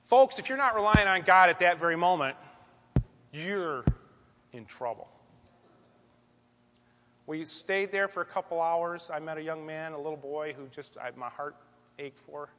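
A man telling a story from the pulpit in an animated, conversational way, as a church speaker giving a sermon. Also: fairly high pitch, unhurried, pauses often. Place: church sanctuary. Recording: long echoey church hall reverb.

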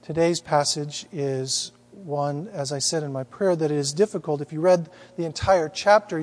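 A pastor with a high voice delivers a sermon, moving between storytelling and emphatic rhetorical questions. His words ring out with a long reverb through a church sanctuary.

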